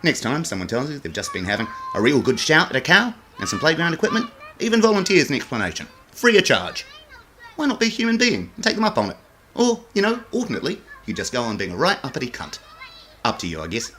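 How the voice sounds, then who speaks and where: A man's voice: medium pitch, wildly swooping pitch, fast talker, bright, forceful tone, a little hiss or hum. A man delivering a rambling, brash, sarcastic comic monologue. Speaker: comedy sketch performer.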